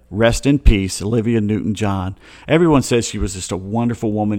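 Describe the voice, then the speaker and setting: A man hosting a casual sports talk show, rambling through stories with wry, chatty asides. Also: medium pitch.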